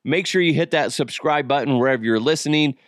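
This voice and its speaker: A man hosting a podcast, telling a family story in a casual, animated way and swearing freely. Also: fairly high pitch, fast talker, no echo, clean studio sound. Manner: animated, swears freely, acts out quoted voices. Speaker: podcast host.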